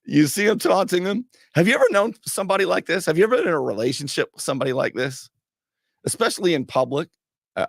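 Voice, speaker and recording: A man's voice: a little high, creaky, no room sound, clean studio sound. A man hosting a talk show, commenting on a played clip with sarcastic, mocking remarks.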